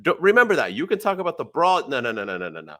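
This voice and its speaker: A male podcast co-host in casual chat, ranting with lots of energy and swearing freely. His pitch sits in the ordinary middle for a man and swings up and down as he vents. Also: racing, a crowd in the background. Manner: animated, profane, ranting, mocks others in quoted voices.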